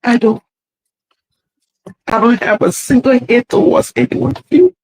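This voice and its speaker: A tearful woman pleads through an apology video. Her voice is raspy and gravelly, with a high pitch. The recording is dry and close. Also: expressive, normal speed, a little mellow, no echo, rough recording.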